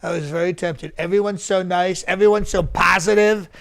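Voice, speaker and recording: A man's voice: sits high, fairly even intonation, normal speed, creaky, fairly bright tone. A male comedian impersonating a boastful, rambling older male politician at a mock press conference, repeating himself and bragging. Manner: bragging, repetitive, rambling asides. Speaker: comedian doing an impression.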